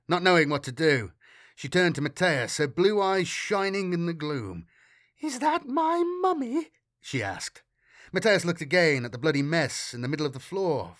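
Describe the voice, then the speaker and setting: Expressive male audiobook narrator. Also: a little high, no room sound, clean studio sound. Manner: measured, slows for grim detail.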